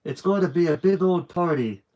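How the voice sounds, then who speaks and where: A man's voice: on the high side, normal speed, warm tone, muffled recording, pitched above the performer's own voice, lightly acted. Eager young girl as a man reads her, raised voice, pleading, storybook. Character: ten-year-old girl, eager and earnest.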